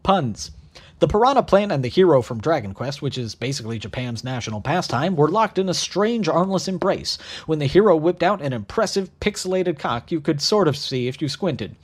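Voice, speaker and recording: A man in his thirties telling a crude comedic story in a deadpan voice, tossing in sarcastic asides. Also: fairly high pitch, brisk, slightly rough. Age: 30s. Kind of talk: comedic narrated monologue.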